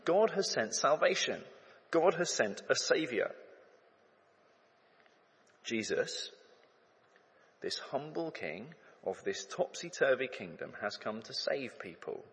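A man preaches a sermon in a lively, swooping voice with a husky edge. He speaks casually and tells stories, acting out the crowd's shouts. His voice rings with the long reverb of a big hall. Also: medium pitch, takes it slowly, long pauses. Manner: animated, conversational storytelling with acted-out crowd shouts.

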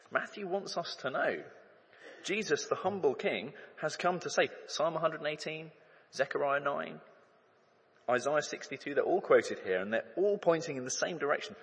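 A man preaches a sermon in a lively, swooping voice with a husky edge. He speaks casually and tells stories, acting out the crowd's shouts. His voice rings with the long reverb of a big hall. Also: a little high, moderate pace. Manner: animated, conversational storytelling with acted-out crowd shouts.

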